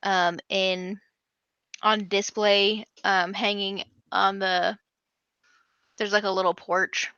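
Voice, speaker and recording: A woman's voice: medium pitch, little pitch movement, slow pace, pauses often, pushed and bright, clean tone, no room sound, highs cut off. A woman narrating a tabletop game as game master, chatty, with many ums.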